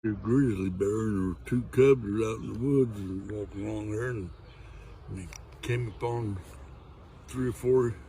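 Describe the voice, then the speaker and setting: A man's voice: on the low side, measured pace, dark tone, a little hiss or hum, low-quality recording. An older man telling dirty jokes in a folksy, rambling way. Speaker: joke teller.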